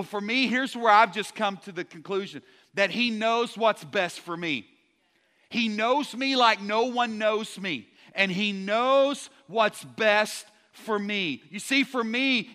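A man preaching a sermon to a congregation, energetic and joking, often stumbling into quick restarts as he talks. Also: extremely high pitch. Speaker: pastor. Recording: long hall reverb.

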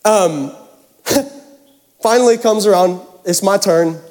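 Young male pastor, high voice, playful self-mocking storyteller, reverberant church hall. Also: slow, darkish tone. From Pacific Northwest. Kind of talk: storytelling sermon.

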